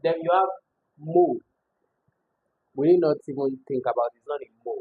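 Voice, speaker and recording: A man with a slightly high, husky voice walks students through exam questions one by one, sounding out each word several times. The audio is thin and tinny, like a phone line. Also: moderate pace. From Nigeria. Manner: explains step by step, repeats words aloud to show sounds. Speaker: exam tutor. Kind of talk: exam prep lesson.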